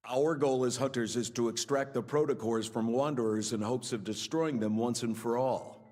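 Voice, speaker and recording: A man's voice: mid-range voice, a little mellow, dry recording, lightly acted. A man voicing a formal, stern male commander who hands out badges in a game. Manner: formal, measured. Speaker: ceremony official in a game.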